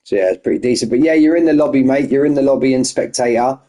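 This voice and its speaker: A man's voice: medium pitch, fast, mellow. A man hosting an online racing league stream, chatting casually and greeting viewers one by one as mates. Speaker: race league host.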